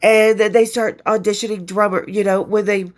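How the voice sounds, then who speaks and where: A woman's voice: mid-range voice, steady tone, normal speed. A woman hosting a podcast, chatting casually and enthusiastically about a film sequel, rambling and swearing now and then, a bit stuffy from allergies. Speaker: podcast host. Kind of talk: casual film review chat.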